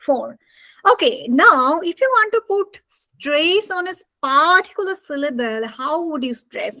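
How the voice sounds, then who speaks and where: A woman's voice: high voice, bright, forceful tone. A woman with a Bengali accent teaching spoken English in an online class, mixing English and Bengali and quizzing her students. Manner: mixes English and Bengali, asks students questions.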